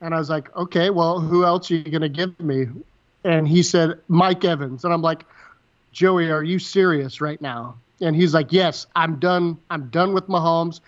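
A man co-hosting a podcast, quickly retelling a story in casual chat, full of quoted dialogue and swearing. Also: a little high. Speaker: podcast co-host. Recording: dull lo-fi sound.

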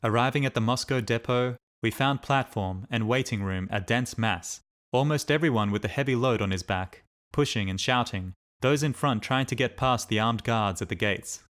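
A man narrating a diary as an audiobook in a steady, measured reading. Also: mid-range voice.

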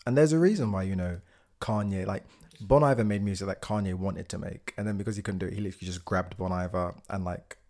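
A man's voice: low-pitched, fast talker, darkish tone. A man co-hosting a podcast, chatting casually about music and pop culture in an easygoing way, often laughing as he talks. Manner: easygoing, backchannels a lot, laughs while talking. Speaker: podcast co-host.

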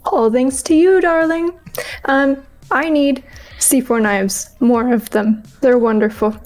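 A woman's voice: sits high, slow, a little mellow. A woman playing a tabletop game, speaking breezily and playfully in character. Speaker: player.

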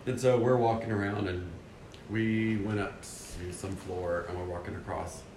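A man with a lowish voice tells a church mission story in a casual, animated way, poking fun at himself and acting out his own thoughts. He sounds like he's in a roomy, echoey space. A faint rumble sits underneath. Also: measured pace. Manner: animated, acts out his own inner voice, self-deprecating. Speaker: church member sharing a mission trip story.

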